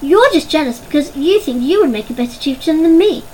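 A woman's voice: sits high, lively intonation, a little fast, a little mellow, slight background noise, pitched above the performer's own voice, poor audio. A woman voicing a young boy rabbit who is dreamy, sulky and a bit sarcastic. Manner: petulant, sarcastic.

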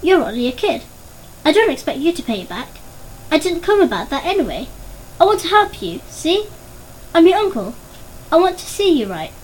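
A woman reads as a sly, smooth-talking uncle in an audiobook story, whose voice stays high and swings widely while he coaxes a young boy with brisk promises. He talks quickly and persuasively. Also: big pitch swings, slight background noise, low-quality recording. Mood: coaxing.

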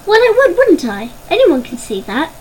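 A woman's voice: sits high, expressive, a little fast, a little hiss or hum, poor audio. A woman playing a bossy big-sister rabbit. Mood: smug. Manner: bossy, scolding, self-righteous. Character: bossy older girl rabbit, the eldest sister.

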